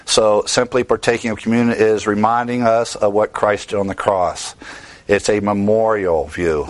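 A man's voice: on the low side, no room sound. A man teaching the Bible in a sermon style, earnest and emphatic, stressing key words.

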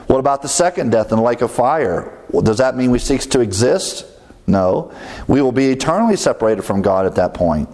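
A man's voice: medium pitch, expressive, darkish tone. A man preaching an expository Bible lesson, explaining Greek terms and asking questions he answers himself. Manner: asks rhetorical questions and answers them himself; explains Greek words, with filler pauses.

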